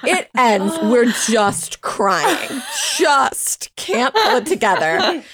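A woman's voice: a little high, big pitch swings, drawn-out words, a bit bright, breathy edge. A woman telling a long funny story in a casual chat, laughing often as she talks. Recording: noisy background.

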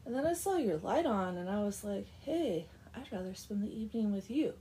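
A woman's voice: medium pitch, expressive, a little fast, dark tone, slight background noise, close to an everyday voice. A woman voicing a smarmy, flirtatious village headman in a retold folk tale. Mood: flirty.

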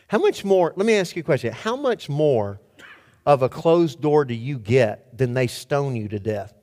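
A man preaching a sermon, telling stories and firing rhetorical questions at his audience with animated swings in pitch and volume. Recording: long hall reverb.

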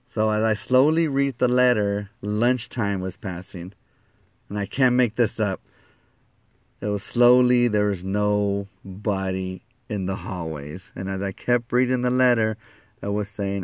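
A man telling a personal story in a lively way, acting out the quoted lines and laughing at himself. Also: lowish voice, unhurried, clear, resonant tone, no echo, studio quality.

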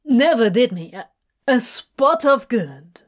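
Woman playing a male demon, irritable, flat, exasperated, fanfiction reading, slow, fairly high voice. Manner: flat voice that rises into exasperated outbursts.

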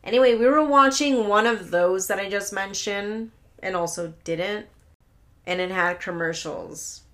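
A young woman runs a casual solo podcast of rambling stories, full of swearing and laughing asides. She speaks at a measured pace in a medium-pitched, somewhat bright voice.

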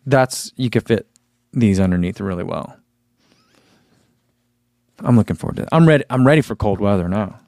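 A man's voice: on the low side, animated, moderate pace, creaky, long pauses, a little mellow, dry recording, clean studio sound. Chatty man musing over running socks. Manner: chatty and musing, many fillers, reads comments aloud. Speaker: running gear reviewer reading viewer comments. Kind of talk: casual live unboxing chat.

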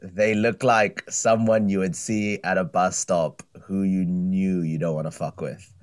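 A man's voice: deep voice, steady tone, measured pace. Easygoing man chatting as a guest. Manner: easygoing, laughs readily. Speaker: podcast guest, comedian. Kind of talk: casual comedy podcast chat.

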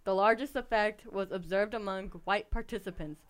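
A woman's voice: mid-range voice, moderate pace. A young woman co-hosting a casual podcast chat, telling stories animatedly and laughing often. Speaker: podcast co-host.

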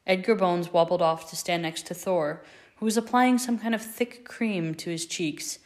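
A woman narrating a fan fiction story aloud in a measured, expressive reading. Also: fairly low pitch.

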